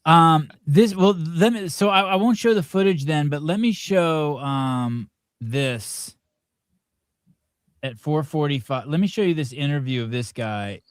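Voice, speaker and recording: Relaxed man steering a casual podcast. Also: on the high side, unhurried, clean tone, no room sound, clean studio sound. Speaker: podcast host. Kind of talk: casual chat.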